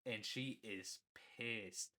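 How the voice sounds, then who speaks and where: A man's voice: lowish voice, very slow, pushed and bright. A young man casually telling a story from his school days, rambling, filling gaps with "you know" and swearing freely. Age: young adult. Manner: laughs at himself mid-story. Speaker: storyteller vlogger.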